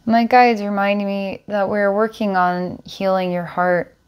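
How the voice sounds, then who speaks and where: A woman working as a psychic healer, calmly describing visions during a guided healing session. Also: medium pitch, a little slow, clean tone, highs cut off. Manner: calm, descriptive, storytelling visions.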